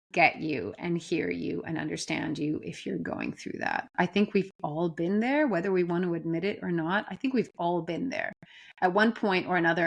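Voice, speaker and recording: A woman giving a gentle, earnest spiritual talk from home, speaking emphatically and often restarting her phrases. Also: fairly low pitch, creaky. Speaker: spiritual teacher. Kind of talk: reflective spoken talk.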